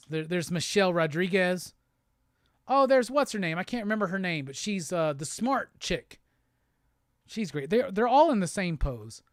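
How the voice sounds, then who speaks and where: A male host chatting casually on a livestream while unboxing gifts, excitable and profane. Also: sits high, no room sound, studio quality.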